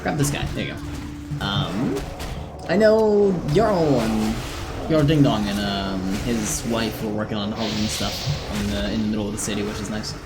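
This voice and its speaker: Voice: medium pitch, steady tone, fairly quick, over loud music. A streamer giving casual live gameplay commentary, chatting with teammates and greeting viewers while playing.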